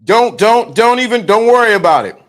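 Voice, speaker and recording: A man with a high-pitched voice talks straight to his channel viewers in a preachy, live commentary. He circles back on his words, stumbles and repeats phrases as he drives a point home, speaking into a phone. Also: animated, fairly quick, a bit bright. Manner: preachy, repetitive, restarts and stumbles often. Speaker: channel host. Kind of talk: livestream commentary.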